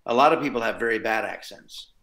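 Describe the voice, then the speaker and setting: A male voice actor talks in a lowish but bright, forceful voice. He chats in an animated way, tossing in quick asides. The call has a roomy, echoey sound. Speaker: voice actor guest. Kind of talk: casual interview chat. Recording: roomy echo.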